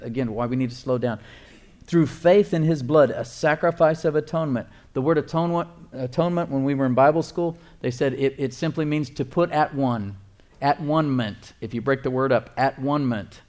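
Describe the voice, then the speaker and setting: A male pastor preaching a sermon, emphatic, repeating phrases and reading scripture slowly. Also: mid-range voice, a little mellow.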